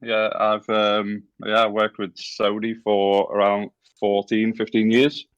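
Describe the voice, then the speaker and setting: A man's voice: fairly low pitch, completely flat delivery, slow pace, clean tone, no room sound, muffled recording. A man in his forties with a Scouse accent, a guest on a podcast, talking hesitantly with many ums and restarts. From England. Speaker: guest, former game developer. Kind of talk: casual interview talk.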